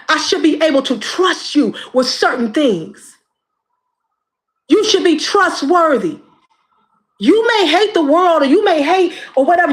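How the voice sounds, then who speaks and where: High-pitched woman, impassioned and preachy. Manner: preachy and emphatic, repeats phrases. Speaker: YouTube creator. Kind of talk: impassioned direct-to-camera monologue.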